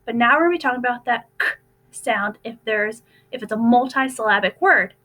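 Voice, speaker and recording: Young teacher lady, high bright voice, sounding out letters slow for first graders. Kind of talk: recorded phonics lesson for young children.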